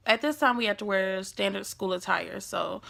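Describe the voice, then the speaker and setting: A woman's voice: medium pitch, moderate pace, creaky. A young adult woman telling a personal story in a casual, slangy vlog style, acting out the lines she quotes. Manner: animated, acts out quoted lines. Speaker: vlogger.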